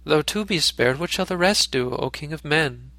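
A man voicing a noble, selfless male deer king in a storybook reading, speaking in a calm, gentle, pleading way. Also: on the high side, normal speed, no echo.

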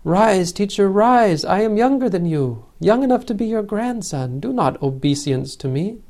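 A man's voice: fairly high pitch, normal speed, dark tone, natural voice. A man voicing a wise young male sage who speaks earnestly and turns commanding when roused. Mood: insistent.

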